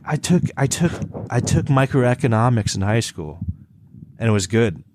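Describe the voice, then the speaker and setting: A man's voice: medium pitch, normal speed, no echo, clean studio sound. A man co-hosting a comedy podcast, ranting through an anecdote with lots of swearing. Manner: animated ranting storyteller, swears a lot. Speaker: podcast co-host. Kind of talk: casual comedic banter.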